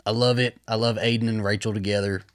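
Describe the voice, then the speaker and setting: A man's voice: fairly low pitch, quick pace, no echo, studio quality. A man co-hosting a podcast, chatting casually and swearing often as he jokes. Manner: profane, joking, animated. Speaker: podcast co-host. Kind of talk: casual chat.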